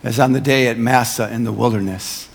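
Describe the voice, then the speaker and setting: A male pastor giving a sermon, earnest and emphatic, slowing down on key phrases and slipping in playful asides. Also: medium pitch, fairly even intonation, vocal fry, in a large hall.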